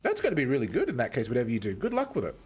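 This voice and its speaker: A man's voice: mid-range voice, huge pitch swings, racing, husky, faint music behind. A young Australian man with an Australian accent chatting casually with his viewers while gaming, swearing often and greeting people by name. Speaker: gaming streamer.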